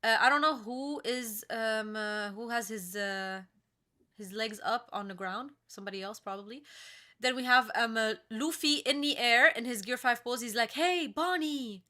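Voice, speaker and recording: A young woman reading comic pages aloud in a casual reaction chat, halting with many fillers and restarts. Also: on the high side, bright, forceful tone. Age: young adult. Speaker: co-host reacting to a comic chapter.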